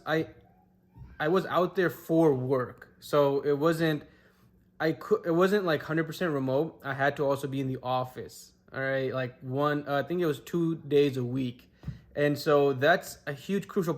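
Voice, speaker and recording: A man in his thirties vlogging candidly to camera, open and reflective, often laughing and using fillers. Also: fairly high pitch. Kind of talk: candid personal vlog talk.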